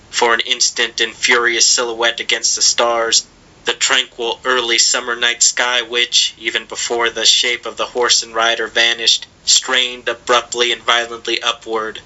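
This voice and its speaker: A man reading literary fiction aloud with measured, dramatic storytelling. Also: mid-range voice, bright, forceful tone, rough recording. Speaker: audiobook reader.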